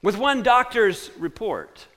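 Man, sermon, bright ringing voice, rhetorical questions, hushed repeated refrain, long hall reverb. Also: sits high, sing-song, slow. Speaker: preacher.

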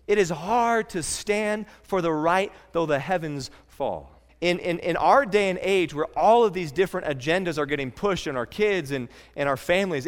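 Earnest preacher in a reverberant hall. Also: male voice, high voice. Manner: earnest, conversational preaching with frequent restarts. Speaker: pastor. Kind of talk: sermon.

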